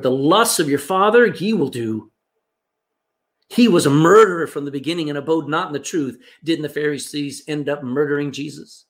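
A man preaching a sermon, swinging between loud emphasis and hushed asides. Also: on the high side. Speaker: pastor.

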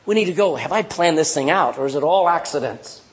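A middle-aged man preaching a sermon, animated and emphatic, acting out little scenes and hammering points with repetition. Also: fairly high pitch, a little fast.

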